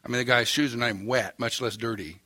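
A man's voice: medium pitch, fairly even intonation, fast talker, sharp tone, no room sound. An older man with an Oklahoma accent preaching a sermon, telling a story in a folksy, wry, self-mocking way. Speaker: pastor.

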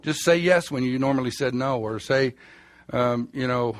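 A man's voice: medium pitch, moderate pace, no room sound. Middle-aged guy giving a sermon, folksy and chatty, medium voice, dry sound. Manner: folksy, anecdotal, chuckles through stories. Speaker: pastor.

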